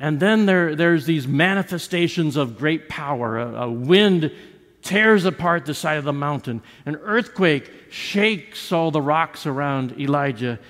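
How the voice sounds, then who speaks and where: A man's voice: on the high side, fairly bright tone. A man preaching a sermon as pastor, talking in a conversational way with frequent restarts and acting out quoted lines. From United States. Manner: acts out quoted lines with rises and drops in voice. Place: church sanctuary. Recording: long reverb of a church sanctuary.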